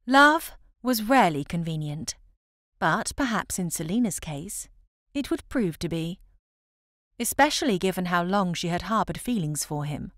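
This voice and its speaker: A woman narrating a novel in the first person as an audiobook, with expressive, measured storytelling. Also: fairly low pitch, no room sound, clean studio sound.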